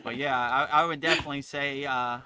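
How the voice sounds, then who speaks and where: A man's voice: mid-range voice, steady tone, a little fast, bright, forceful tone, clean tone, no room sound. A middle-aged man hosting a casual spiritual chat, enthusiastic, laughing often and saying "you know" a lot. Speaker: spiritual teacher and host.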